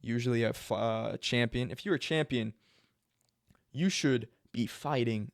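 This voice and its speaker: A man's voice: medium pitch, unhurried, gravelly, dry recording, clean studio sound. A man explaining a sport casually, rambling and often correcting himself mid-sentence. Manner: rambling, self-correcting, filler-heavy. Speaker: MMA video host.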